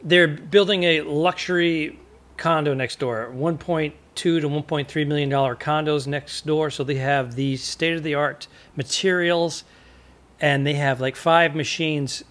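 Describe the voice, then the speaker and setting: A man co-hosting a comedy podcast in casual chat, with deadpan jokes, recording at home. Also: a little high, measured pace. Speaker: podcast co-host. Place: home studio near a construction site.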